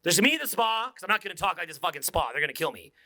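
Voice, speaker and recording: High-pitched guy with a gravelly edge, very bright, loud and swearing at a seminar. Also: racing. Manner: energetic, profane, joking. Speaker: seminar speaker. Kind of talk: live seminar talk. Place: seminar room without speakers. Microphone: unamplified room talk.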